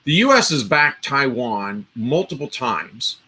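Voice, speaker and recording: A man's voice: medium pitch, sing-song, unhurried, sharp tone. A man hosting a live stream, giving casual political commentary in a rambling way, with frequent restarts and asides to his viewers. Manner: rambling, restarts often, talks straight to viewers.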